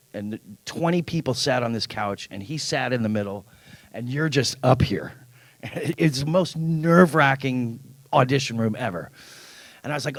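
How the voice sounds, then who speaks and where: Middle-aged male panel guest, animated storyteller, dry close sound. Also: medium pitch, no echo. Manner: animated anecdote-telling, acts out quoted dialogue, laughs often. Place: convention panel room.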